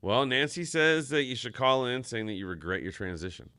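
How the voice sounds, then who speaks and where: A man's voice: medium pitch, big pitch swings, a little fast, bright, forceful tone, smooth, no echo. A man hosting a live stream, chatting casually, reading viewer comments aloud and swearing offhand. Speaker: stream host.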